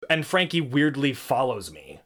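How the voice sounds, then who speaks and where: A man in casual podcast chat, telling a story with lots of animation. He swoops up into high, strained voices when he quotes himself and laughs often. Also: big pitch swings, normal speed, fairly bright tone. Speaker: podcast co-host.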